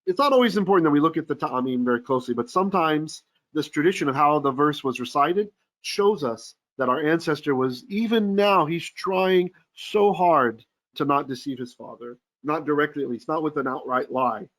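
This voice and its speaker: A man's voice: a little high, lively intonation, moderate pace, a bit bright. A man teaching a verse-by-verse Torah class, reading Hebrew aloud and then explaining it eagerly, often checking in with his listeners.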